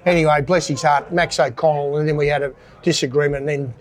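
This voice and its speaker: A man's voice: fairly high pitch, fairly even intonation, fast. An older Australian man and former cricketer telling self-mocking stories in a casual interview. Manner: anecdotal, self-mocking, laughs at own stories.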